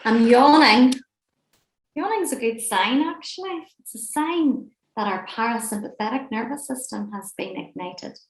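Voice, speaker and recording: A woman leading a laughter and breathing class, gentle, playful and encouraging, speaking from a room on a video call. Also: a little high, expressive, normal speed, creaky, few pauses, slight background noise. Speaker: laughter and relaxation session leader. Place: indoor room at home, seated near a screen. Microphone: webcam or laptop mic on a video call. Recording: roomy echoey room sound.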